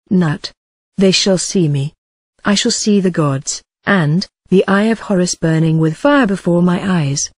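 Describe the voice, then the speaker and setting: A synthetic text-to-speech voice reading an ancient text aloud in an even recited cadence, even speaking the punctuation. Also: mid-range voice, slightly rough, dry recording. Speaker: audiobook reader. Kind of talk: scripted narration of an ancient text.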